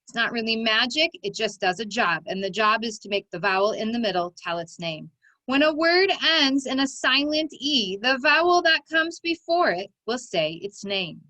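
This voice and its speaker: A woman's voice: fairly high pitch, animated, normal speed, sharp tone, no room sound. A woman teaching phonics, patiently dictating words and stretching out their sounds for young children. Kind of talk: slow, clear teaching dictation.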